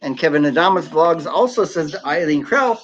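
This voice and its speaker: A man's voice: on the high side, animated, moderate pace. A man hosting a casual live stream from home, chatting and reading out viewer comments. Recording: slightly dull lo-fi sound.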